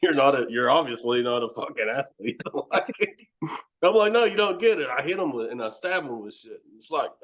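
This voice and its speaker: Here a male podcast guest, known as a wrestler and horror host, talks at normal speed in an animated, slightly bright mid-range voice. The chat is casual, and his stories ramble, turn profane, and are peppered with laughter.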